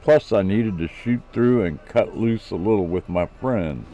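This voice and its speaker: A man's voice: on the low side, a little slow, mellow. A man reading as an eager inventor friend with Aussie slang. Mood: earnest. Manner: explains technical plans at length.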